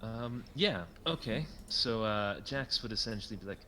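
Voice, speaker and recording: Deep-voiced dude rambling thru his turn, lots of ums. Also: lively intonation, normal speed, hardly any pauses, sharp tone, a little hiss or hum. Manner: rambling, many fillers, laughs easily. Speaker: player. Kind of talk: casual tabletop chat.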